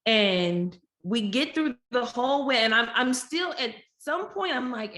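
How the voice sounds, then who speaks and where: A woman guest on a podcast, telling a personal story candidly and acting out quoted dialogue with lively shifts of voice. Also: high-pitched, unhurried, hardly any pauses. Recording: roomy echo.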